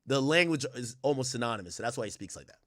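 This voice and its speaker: A man from Jamaica with an American accent, hosting a livestream and chatting quickly and directly to his viewers. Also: medium pitch, expressive, a bit bright. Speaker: livestream host. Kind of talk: casual stream commentary.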